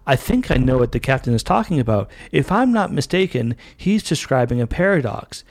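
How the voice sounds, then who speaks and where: A man's voice: medium pitch, big pitch swings, brisk. A man reads a curious android officer who lays out his reasoning in formal, precise phrases. He uses his ordinary speaking voice throughout. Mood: intrigued.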